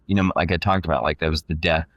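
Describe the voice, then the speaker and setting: A man guest on a podcast, telling a long story in a casual, animated way, often quoting himself, with many fillers. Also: extremely low pitch, quick pace, no room sound, muffled recording.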